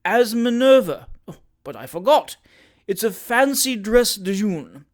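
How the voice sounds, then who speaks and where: A reader voicing a grave, pompous gentleman who speaks formally and effusively in an audiobook. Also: medium pitch, lively intonation, unhurried, voice pushed up, natural voice. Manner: formal, effusive, repeats sir. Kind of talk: audiobook character reading.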